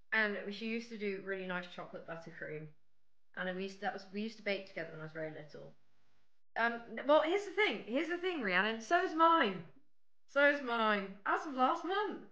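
Bright, chatty young British woman streaming. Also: a little high, highs cut off. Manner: chatty, rambling, talks to chat. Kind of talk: casual baking livestream chat. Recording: faint music behind.

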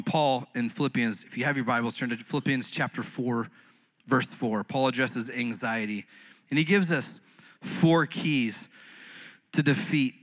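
A man preaching as a pastor, earnest, swinging between fervent rises and quiet, intimate passages. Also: a little high, rough recording. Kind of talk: sermon. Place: church stage.

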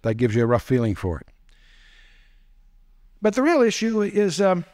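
A man's voice: sits high, wildly swooping pitch, moderate pace, darkish tone. Man lecturing with rhetorical questions. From United States. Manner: rhetorical questions, wry asides. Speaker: Bible teacher. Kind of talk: teaching lecture to an audience.

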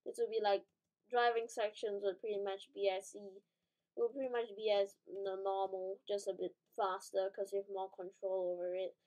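A woman's voice: mid-range voice, little pitch movement, normal speed, darkish tone, low-quality recording. A woman giving casual, rambling gameplay commentary, correcting herself as she thinks aloud, with sudden startled outbursts. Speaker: gaming channel host.

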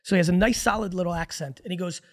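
Talking as a guest on a podcast, a fortysomething man with a high voice spins rapid-fire anecdotes. He keeps things informal and profane, stressing his points hard.

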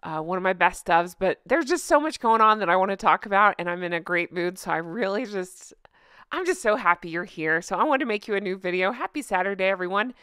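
A woman hosts her own commentary vlog in a bright, forward voice. She chats in a bubbly way and laughs often as she talks to her viewers. The sound is close and dry, with no room around it. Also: medium pitch, animated, fairly quick, smooth, dry recording. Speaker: vlog host.

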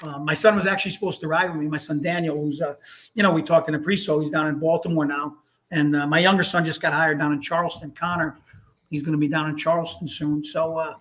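High-voiced New man telling stories. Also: fairly even intonation, quick pace, a bit bright. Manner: rambling, repeats words, frequent "you know". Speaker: podcast guest, retired fire lieutenant. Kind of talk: casual storytelling chat.

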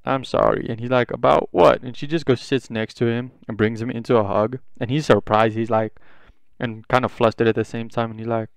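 A young man retells a fan story off the cuff, swearing freely and jumping into the characters' lines. His voice is smooth and clear at a middling pitch. The sound is dry and close to the mic. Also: little pitch movement, dry recording. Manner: rambling and profane, acts out dialogue in quick bits.

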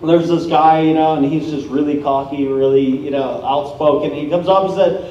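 Male preacher, energetic storyteller, mellow tone, far off in a reverberant church hall. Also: a little high, normal speed. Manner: energetic, storytelling, acts out quoted people. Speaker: guest preacher. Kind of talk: sermon with personal stories. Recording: echoey hall, from far off, dull sound.

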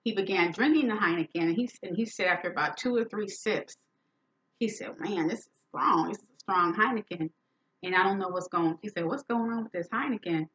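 A woman's voice: mid-range voice, fairly quick, a bit bright. A woman hosting a talk show, telling a story in an emphatic, indignant way and acting out the quoted dialogue. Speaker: podcast host. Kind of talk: storytelling monologue. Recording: dull lo-fi sound.

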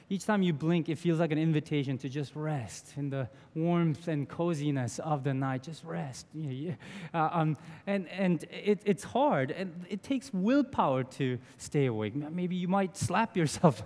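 A pastor in his thirties preaches earnestly and conversationally in a church sanctuary, making small restarts. His voice is a little high with a darkish tone, and long church reverb surrounds it.

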